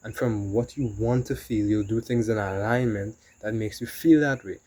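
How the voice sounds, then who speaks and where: A man's voice: on the low side, moderate pace, dark tone, rough recording. A man talking casually in a rambling motivational monologue, often saying "you know". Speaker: vlogger.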